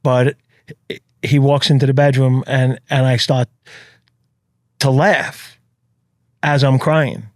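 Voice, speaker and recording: A man's voice: mid-range voice, little pitch movement, slow pace, pauses often, dry recording, clean studio sound. Earnest New York man telling his story. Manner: earnest, emphatic with blunt swearing. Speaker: podcast guest. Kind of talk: casual storytelling.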